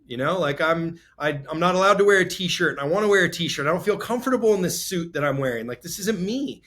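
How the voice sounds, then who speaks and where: Podcast guest: man, 40s, slightly higher voice, earnest and rambling, emotional candor. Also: lively intonation, fast talker, few pauses, fairly bright tone. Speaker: guest, real estate entrepreneur. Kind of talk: candid podcast interview.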